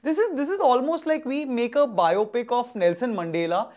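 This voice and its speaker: A man's voice: extremely high pitch, normal speed, a little mellow. A man with an Indian English accent reviewing a film with sarcastic jokes, hesitating with fillers and slipping into Hindi. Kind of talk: comic film review chat.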